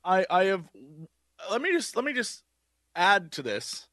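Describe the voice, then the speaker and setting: A man's voice: high-pitched, big pitch swings, measured pace, a bit bright, dry recording, studio quality. A man co-hosting a podcast, chatting casually and acting out quotes in big voices. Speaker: podcast co-host. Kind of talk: casual chat.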